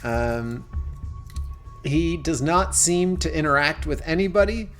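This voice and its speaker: A man's voice: a little high, expressive, slow, a bit bright, soft background music. A man narrating a tabletop horror game as game master, rambling with many fillers and restarts and laughing often.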